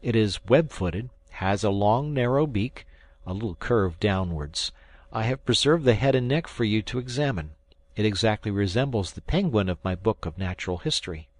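A man reading aloud who voices a studious, eager young boy with a raised, lively voice. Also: fairly low pitch, normal speed. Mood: explaining. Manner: earnest, bookish explaining.

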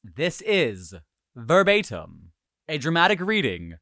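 A young man from Hawaii tells a story on his podcast, joking and swearing freely. His pitch swings widely around a slightly high voice. The recording is dry and close, with no room sound. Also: slow, no echo. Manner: animated, profane, jokey. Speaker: podcast host.

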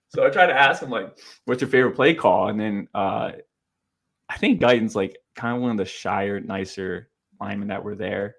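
A young man co-hosting a podcast, telling a self-deprecating story in a rambling, animated way with lots of filler words. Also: lowish voice, husky. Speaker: podcast co-host. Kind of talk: casual storytelling chat.

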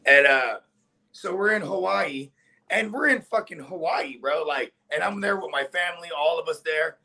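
Casual podcast co-host, man, high gravelly voice, profane storyteller. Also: normal speed, pushed and bright, low-quality recording. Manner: loose storytelling with profanity, acts out quotes in a high voice. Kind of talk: casual sports podcast chat.

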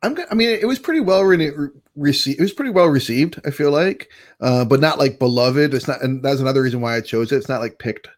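A man co-hosting a podcast in casual chat, wry and joking, with some halting restarts. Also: mid-range voice, animated. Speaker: podcast co-host.

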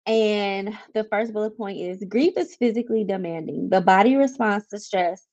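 This podcast host speaks in a casual, confiding way, sometimes pausing to read from a book. Her pitch is ordinary mid-range with a darkish tone, and the recording comes across a bit dull and lo-fi.

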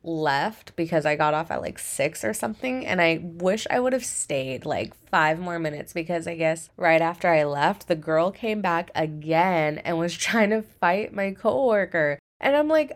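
Chatty young woman, low voice. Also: lively intonation, a little slow, few pauses. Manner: chatty, frequent "like", swears casually. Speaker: podcast host. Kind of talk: casual storytelling vlog.

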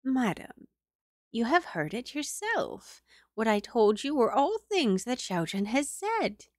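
A woman's voice: a little high, sing-song, slow pace, no room sound, clean studio sound, pitched above the performer's own voice, full character voice. A woman voicing an older female servant who speaks in a confiding, wary tone.

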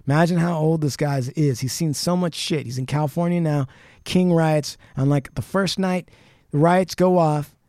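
A man hosting a podcast, casually retelling a life story and reading book passages aloud, dropping low and quiet for the dramatic parts. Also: fairly even intonation, moderate pace, no echo, studio quality. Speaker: podcast host.

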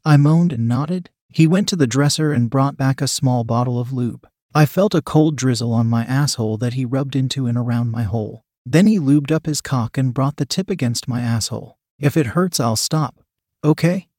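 Male narrator for a read-aloud erotic story, mid-pitched, dry close sound. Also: moderate pace, few pauses, darkish tone, dry recording.

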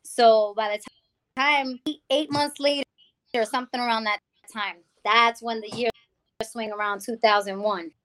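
A woman from the Bronx, giving a lively personal testimony as an interview guest and acting out the people she quotes. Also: fairly high pitch, normal speed, smooth. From the Bronx, New York. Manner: animated storytelling, acting out quoted people, calls the host "girl". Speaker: guest, music founder.

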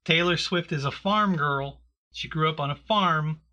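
A man's voice: fairly high pitch, unhurried, sharp tone, dull audio. A man hosting a casual, joking chat with a co-host, laughing often.

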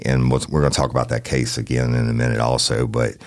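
A man hosting a true-crime podcast from a studio, talking in a folksy, plain-spoken way with drawn-out phrasing. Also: very deep voice, flat delivery, no echo. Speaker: podcast host.

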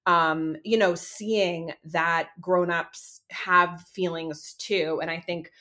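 A woman's voice: lowish voice, fairly even intonation, takes it slowly, bright, forceful tone. A woman in her thirties hosting a casual parenting podcast, chatty with many fillers and restarts. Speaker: podcast host.

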